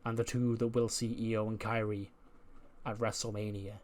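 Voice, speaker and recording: A man's voice: lowish voice, normal speed. Chatty man recapping a wrestling game. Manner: chatty, with frequent fillers; animated play-by-play of match events. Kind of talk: casual storytelling recap.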